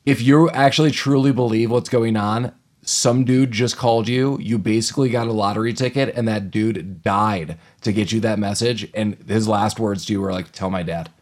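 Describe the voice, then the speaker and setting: A man's voice: fairly low pitch, normal speed. A man co-hosting a podcast, recapping a film in casual chat and acting out the characters' lines as he goes. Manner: animated retelling with acted-out quotes. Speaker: podcast co-host.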